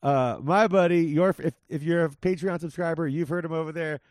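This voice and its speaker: Higher-voiced man hosting a chatty podcast. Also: a little fast, darkish tone, dry recording, studio quality. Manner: loose, rambling, lots of fillers and laughs. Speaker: podcast host. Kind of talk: casual podcast chat.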